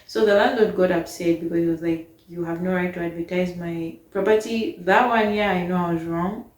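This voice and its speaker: A young woman casually telling a storytime about a bad housemate, animated and exasperated as she retells it. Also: on the low side, a little fast, reverberant.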